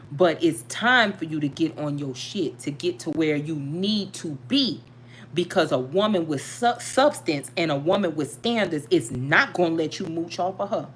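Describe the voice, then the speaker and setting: Middle-aged woman host, emphatic and preachy, fairly low voice, light background hum. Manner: animated, preachy, emphatic with sudden pitch jumps. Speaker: tarot channel host. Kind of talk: casual storytelling chat.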